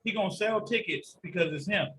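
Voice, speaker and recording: A man's voice: sits high, a little fast, noisy background. A man hosting a casual podcast, telling stories animatedly with lots of swearing. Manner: animated storytelling, heavy profanity. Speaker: podcast host.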